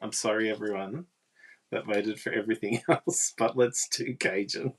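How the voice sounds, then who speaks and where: Very low-voiced woman demonstrating crafts. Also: steady tone, normal speed. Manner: chatty, talks with viewers. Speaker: papercraft demonstrator. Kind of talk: casual live craft demonstration.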